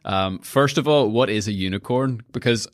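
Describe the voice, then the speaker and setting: A man's voice: on the low side, moderate pace, dry recording, clean studio sound. A man hosting an interview, enthusiastic and joking as he asks his questions. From Northern Ireland. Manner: enthusiastic, jokey, leads questions. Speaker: podcast host. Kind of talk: casual interview chat.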